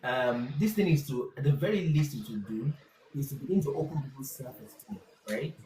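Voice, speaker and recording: A man, a pastor hosting a casual discussion and telling stories with lively asides. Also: mid-range voice, a little fast, roomy sound, slight background noise, rough recording. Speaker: pastor and host.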